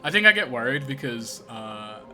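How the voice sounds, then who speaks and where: A man livestreaming a video game, excitable and profane, on a desk microphone that sometimes peaks. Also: mid-range voice, moderate pace, faint music behind. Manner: excitable, swearing, laughing asides. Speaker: streamer. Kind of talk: live game commentary.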